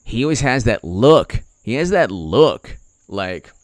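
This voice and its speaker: A man's voice: mid-range voice, very animated, takes it slowly, dry recording. A man hosting casual political commentary, rambling with many fillers and slipping into mocking impressions.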